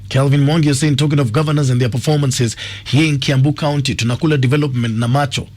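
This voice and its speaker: A man's voice: medium pitch, steady tone, quick pace, darkish tone. A man with a Kenyan accent hosting a radio call-in show, reading listener messages aloud. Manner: reads listener messages aloud, brief replies. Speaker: radio host.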